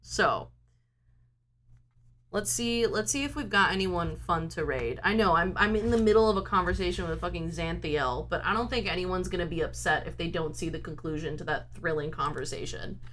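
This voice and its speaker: A woman's voice: on the low side, normal speed, fairly bright tone, slight background noise. A woman game streamer at home, chatting casually into a desk microphone in a rambling, talkative, self-mocking way. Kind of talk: casual chat.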